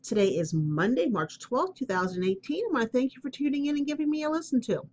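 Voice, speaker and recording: A woman's voice: sits high, expressive, fast talker, a little mellow, lo-fi sound, a little hiss or hum. A woman hosting her own spiritual advice podcast, talking candidly and rambling with fillers, with a cough drop in her mouth. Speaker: podcast host. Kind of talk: casual solo podcast talk.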